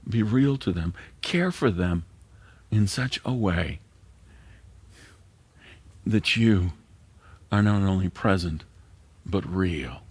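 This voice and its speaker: Gravelly low-voiced older male pastor. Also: no room sound. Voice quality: gravelly, husky voice. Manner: earnest, drops to a soft near-whisper for emphasis. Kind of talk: sermon.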